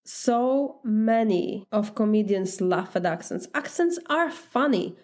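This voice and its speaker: A woman's voice: mid-range voice, lively intonation, takes it slowly, a little mellow. A woman with a Polish accent, a life coach talking in an earnest, conversational podcast monologue, now and then laughing. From Poland.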